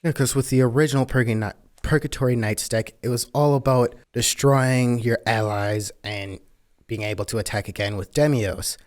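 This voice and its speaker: A man's voice: medium pitch, steady tone, moderate pace, a little mellow. A man co-hosting a casual card game podcast, wry and joking, with sarcastic asides and mild grumbling. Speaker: co-host.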